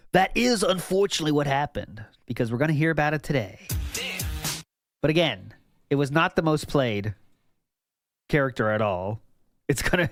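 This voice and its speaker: A man's voice: mid-range voice, dry recording, studio quality. A man streaming casually, rambling and laughing as he reacts to old clips for chat. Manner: rambling, laughs often, jumps between topics.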